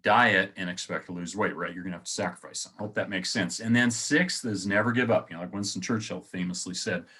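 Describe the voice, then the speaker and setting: A man with a low, husky voice talks straight to his audience in a relaxed, conversational way. He hosts his own motivational video, circling back on phrases and calling his viewers guys. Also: fast talker, few pauses. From United States. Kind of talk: casual motivational talk to camera.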